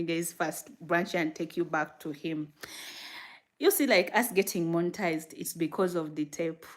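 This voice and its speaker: A woman from Uganda with a Ugandan accent, chatting on her livestream and telling stories in a lively, animated way. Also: fairly low pitch. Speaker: vlogger on a livestream. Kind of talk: casual livestream chat.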